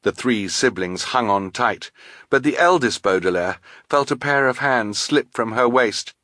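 A man reading a children's novel aloud in a measured storytelling manner. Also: mid-range voice, expressive, pushed and bright, no room sound, clean studio sound. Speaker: audiobook narrator. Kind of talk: scripted narration.

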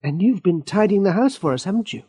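A man's voice: sits high, animated, fast talker, dark tone, breathy edge, voice pushed up. A man voicing an amused young wife who speaks in a pointed, teasing way, in a raised voice.

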